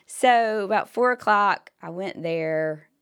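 A woman with a hoarse voice, co-hosting a podcast and telling a story in animated casual chat with whispered asides. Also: mid-range voice, slow pace. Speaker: podcast co-host.

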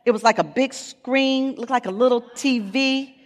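A woman in her fifties, a guest speaker at church, telling an animated personal testimony with dramatic pauses. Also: a little high, in a large hall. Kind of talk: sermon testimony. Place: church sanctuary.

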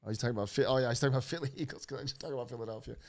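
A man's voice: medium pitch, fairly even intonation, rapid-fire, a loud crowd. Joking, profane male talk-show host. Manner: loose, joking and profane, laughs often. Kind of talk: casual chat.

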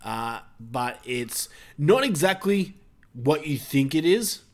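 A man's voice: fairly high pitch, big pitch swings, slow. Rambling male movie podcast host. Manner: rambling, full of fillers and restarts. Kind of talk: casual movie review chat.

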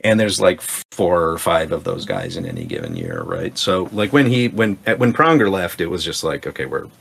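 A man talks hockey in a low, gravelly voice. His podcast chat rambles, full of swearing and lively storytelling. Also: moderate pace. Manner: rambling, profane, animated storytelling. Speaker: podcast guest. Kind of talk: casual chat.

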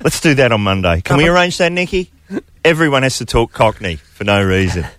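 A man's voice: medium pitch, very animated, fairly bright tone. A man hosting a radio show, bantering casually and laughing easily. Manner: jokey, quick to laugh. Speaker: radio host.

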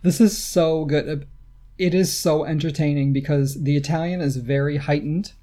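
A man's voice: on the high side, fairly even intonation, moderate pace, warm tone. Amused male podcast co-host. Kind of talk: casual podcast chat.

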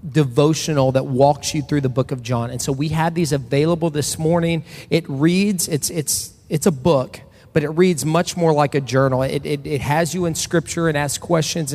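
A man in his thirties gives a relaxed, chatty sermon in a church sanctuary. His voice sits a bit high and has a gravelly edge. A long reverb trails his words around the hall. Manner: loose and personal, with frequent restarts and fillers. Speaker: pastor. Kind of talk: casual conversational sermon.

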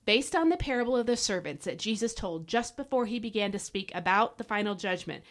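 A woman who is an adult parent hosts a devotional Bible teaching podcast, exhorting listeners in a fervent, preachy manner. Her mid-range voice is expressive and brisk.

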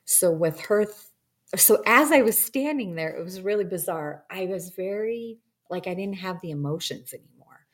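Woman, low voice, casual rambling storyteller, reflective. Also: lively intonation, normal speed. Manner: rambling, reflective, many ums and you-knows; acts out quoted dialogue in shifting voices. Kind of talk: personal storytelling about a past-life regression session.

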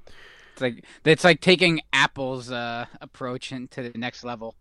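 Man, 30s, podcast co-host, easygoing, bright tone, dry mic. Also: mid-range voice, unhurried, smooth, no echo. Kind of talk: casual chat.

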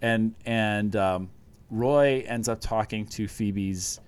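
A man's voice: on the low side, takes it slowly, clean tone. A man in casual chat, retelling scenes from a show with eager, rambling enthusiasm.

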